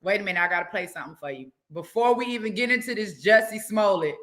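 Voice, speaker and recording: A woman hosting a live talk show, chatting casually with her audience in an animated, exclamatory way. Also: mid-range voice, fast. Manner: animated, exclamatory, laughing asides. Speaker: show host.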